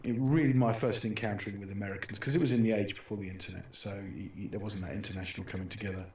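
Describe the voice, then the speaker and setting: Middle-aged British male host, low-ish voice, rambling anecdotes; distant mic, echoey room. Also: fairly even intonation, very fast, darkish tone, a little hiss or hum. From Britain. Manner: rambling storyteller with many restarts and fillers. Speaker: talk show host. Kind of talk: casual chat.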